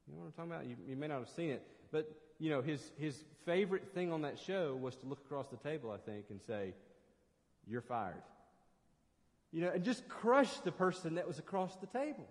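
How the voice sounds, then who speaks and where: Pastor guy preaching, earnest and emphatic, a bit high voiced, lots of hall echo. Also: lively intonation, fast talker, hardly any pauses, a little mellow. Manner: earnest preaching with emphatic rises and repeated restarts. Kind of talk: sermon.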